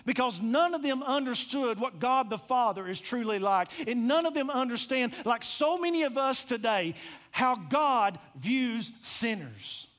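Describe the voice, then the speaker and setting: A man's voice: extremely high pitch, lively intonation, measured pace, fairly bright tone. A man preaching a sermon, retelling a parable with passionate storytelling and direct appeals. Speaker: pastor.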